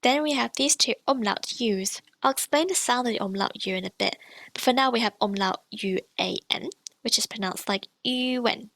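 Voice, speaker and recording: Woman teacher with a gravelly edge. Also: fairly high pitch, a bit bright, no room sound. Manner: clear, demonstrates sounds slowly and repeats them. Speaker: language teacher. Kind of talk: explaining pronunciation in a lesson.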